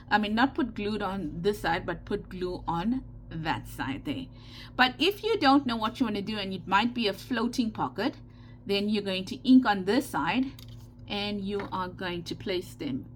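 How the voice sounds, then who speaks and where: With a medium-pitched voice and South African Indian accent, this woman hosts a relaxed craft tutorial on her channel. Her talk is chatty and repetitive, punctuated by frequent "okay" check-ins, over a slight background hiss or hum.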